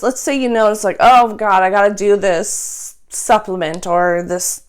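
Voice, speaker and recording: A young adult woman and nurse, calmly teaching a gentle sleep routine in a soft voice, speaking close to a microphone. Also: medium pitch. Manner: calm, soft-spoken, drops to a whisper in breathing exercise.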